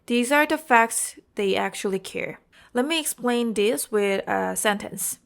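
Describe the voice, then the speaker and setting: Woman, Korean accent, exam-prep teacher, unhurried, explains step by step. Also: fairly high pitch, animated, gravelly. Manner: explains carefully, often checks with "okay?" and "you know". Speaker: IELTS teacher.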